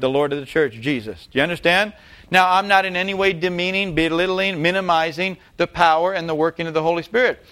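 A pastor with a high, slightly bright voice preaches emphatically, repeating key phrases and putting rhetorical questions to his congregation.

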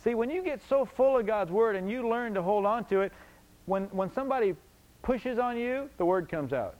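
Emphatic preacher man, slightly high voice. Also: expressive, normal speed, darkish tone, dull audio. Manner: emphatic, repeats lines and asks rhetorical questions. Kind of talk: sermon.

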